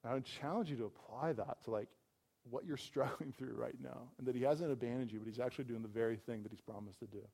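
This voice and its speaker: A man's voice: medium pitch, quick pace, gravelly, a little mellow. A man preaching a sermon in a casual, conversational way, often saying "like" and acting out what people might say. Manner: conversational, full of "like" fillers, acts out quoted voices. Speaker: pastor.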